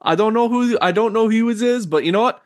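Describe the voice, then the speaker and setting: A man doing a slick high-voiced casino boss. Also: quick pace, lightly acted. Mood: friendly. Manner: slick, glad-handing, overly friendly. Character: smooth-talking male casino owner, big friendly operator.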